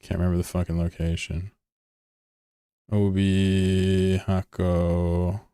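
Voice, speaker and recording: A man chatting casually on a live game stream, excitable and swearing freely as he answers chat between calls. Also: deep voice, takes it slowly, clean tone, dry recording, studio quality.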